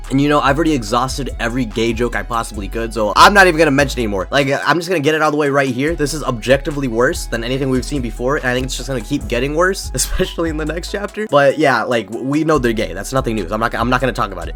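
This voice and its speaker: A man talking through a comic chapter with restless excitement. His voice bounces up and down, from low mutters to sudden jumps, over soft background music. He curses casually and trips over his own words as the hype takes him. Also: fast. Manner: excitable, profane, stammers when worked up. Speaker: manga reviewer.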